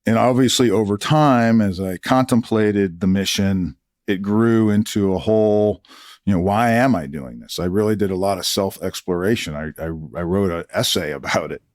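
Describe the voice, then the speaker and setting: Low-voiced man telling road stories. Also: no room sound, clean studio sound. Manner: animated, acts out quoted dialogue. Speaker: retired army colonel, guest. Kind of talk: conversational storytelling interview.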